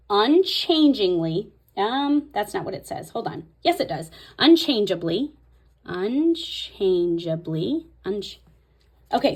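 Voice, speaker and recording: Fast-talking woman thinking aloud. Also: mid-range voice, husky. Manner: thinks aloud while writing, repeats words softly; fast talker. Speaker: host. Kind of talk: casual craft tutorial.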